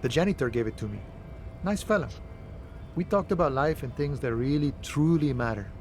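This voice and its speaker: A man's voice: on the high side, animated, brisk, slight background noise. An actor playing a laid-back, philosophical male dock worker in a video game, with an easygoing, folksy manner. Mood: musing. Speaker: game character.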